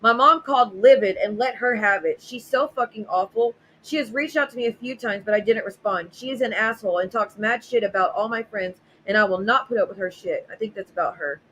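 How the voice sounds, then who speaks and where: A woman's voice: on the high side, a little fast, few pauses, sharp tone, slight background noise, low-quality recording. A woman hosting a casual livestream, reading viewer messages aloud and reacting bluntly and sarcastically, with frequent swearing. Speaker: livestream host.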